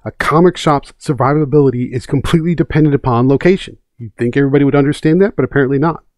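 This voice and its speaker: A man's voice: medium pitch, very fast, darkish tone, no room sound. A man hosting a comics commentary channel, giving casual, opinionated talk and hammering home his key points by repeating them.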